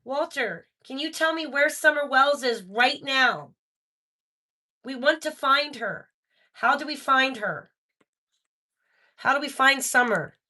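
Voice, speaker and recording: Excitable woman on a live stream, talking to her viewers, bright tense tone. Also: high voice, slow, pauses often. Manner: excitable, talks straight to viewers. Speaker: live-stream host running a spirit box session. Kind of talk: live-stream paranormal session chat.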